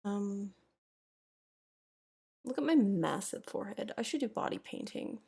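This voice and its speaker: A woman's voice: medium pitch, animated, measured pace, gravelly, mellow, husky. A young woman chatting casually on a live stream from home, rambling to herself while she fiddles with her settings. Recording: faint background music. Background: faint music.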